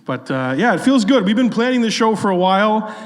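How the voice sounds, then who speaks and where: A man co-hosting a live comedy podcast on stage, with sardonic, deadpan rants that build toward shouting. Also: high-pitched, a little fast. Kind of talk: live stand-up banter. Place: legion hall stage before a live audience. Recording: long hall reverb.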